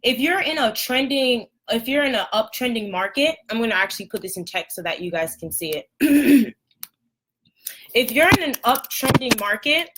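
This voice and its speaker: A young woman with a scratchy throat teaching trading basics on a live stream, chatty and apologetic, clearing her throat often. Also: on the high side, lively intonation, moderate pace, a bit bright. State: hoarse, throat irritated after a run. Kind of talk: casual live lesson.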